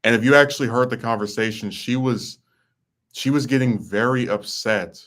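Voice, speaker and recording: A man's voice: mid-range voice, moderate pace, fairly bright tone. A young man hosting a podcast, ranting in a blunt, sarcastic, exasperated way. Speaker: podcast host. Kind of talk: casual chat.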